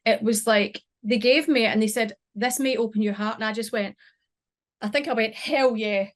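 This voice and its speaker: A middle-aged woman, a podcast guest, recounting a personal experience in an emotional, halting way with many restarts. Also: fairly high pitch. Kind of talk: personal storytelling.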